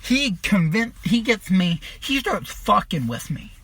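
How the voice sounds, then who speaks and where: A man with a high, bright, slightly husky voice tells a long personal story on his podcast. He rambles, swears freely and leans on fillers, and the sound is close and dry. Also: big pitch swings, measured pace. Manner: rambling, profane, with many fillers. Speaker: podcast host.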